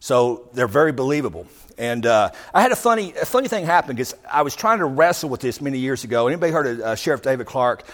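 A man giving an impassioned speech to a live audience, talking emphatically and swinging from loud outbursts to low asides. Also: sing-song, quick pace. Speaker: public speaker addressing a live audience. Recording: long hall reverb.

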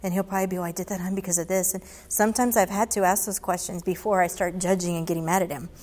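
A woman's voice: lowish voice, steady tone, fast, a little mellow, in a large hall. A woman giving candid, conversational advice, acting out her own past exchanges as she goes. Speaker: speaker answering audience questions. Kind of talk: casual advice talk.

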